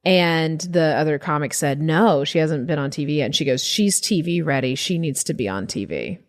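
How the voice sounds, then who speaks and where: Animated woman comedian. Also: sits low, moderate pace. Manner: animated, swearing, acts out quoted voices. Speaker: guest comedian. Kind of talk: casual storytelling.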